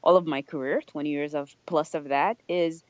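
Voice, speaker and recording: A woman's voice: sits low, steady tone, normal speed, no echo, highs cut off. Middle-aged woman, podcast guest, reflective and earnest, dry close sound. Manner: earnest, reflective, rhetorical "right?" tags. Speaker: podcast guest, nonprofit leader. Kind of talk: casual podcast conversation.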